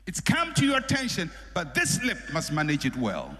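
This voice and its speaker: Animated preaching man in a reverberant hall. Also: on the high side, normal speed, few pauses. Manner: animated preaching, acting out quoted people. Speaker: pastor. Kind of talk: sermon.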